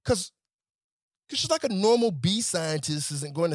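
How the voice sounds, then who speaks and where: Guy ranting, super animated and fed up, cussing a lot, voice jumps all over, dry close sound. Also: high-pitched, moderate pace, no room sound. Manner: animated, exasperated, profane. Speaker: nightlife promoter. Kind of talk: comedic rant.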